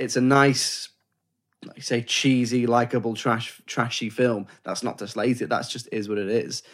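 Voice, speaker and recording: A man co-hosting a casual film discussion podcast, rambling and self-correcting, often acting out quoted lines. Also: medium pitch. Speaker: podcast co-host.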